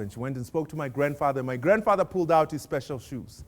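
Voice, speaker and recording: Higher-voiced man giving a keynote. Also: lively intonation, quick pace. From South Africa. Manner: storytelling, warm humor, asks the audience questions. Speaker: motivational speaker. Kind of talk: inspirational keynote talk.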